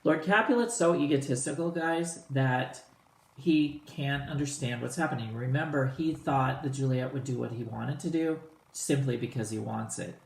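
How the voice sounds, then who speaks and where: Male teacher at an ordinary pitch, talks through a play casually with students, echoey room. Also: normal speed, gravelly. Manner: casual, animated, retells lines in plain slang.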